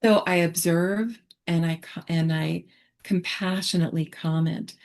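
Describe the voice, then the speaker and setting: A woman therapist with a voice on the low side speaks unhurriedly in a relaxed online teaching chat about her approach. She talks reflectively, with many fillers and restarts.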